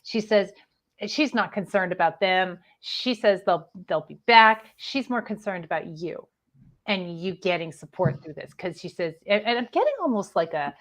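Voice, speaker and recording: Gentle hesitant woman giving a reading. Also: on the low side, moderate pace. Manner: gentle, hesitant, with many fillers and restarts. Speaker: psychic medium. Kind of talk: live online spiritual reading.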